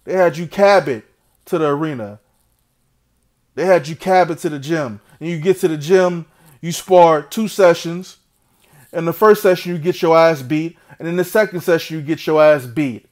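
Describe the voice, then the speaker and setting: A man's voice: a little high, normal speed, darkish tone. A young man ranting to camera as a boxing vlogger, mocking and full of slang. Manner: trash-talking, slangy, mocking.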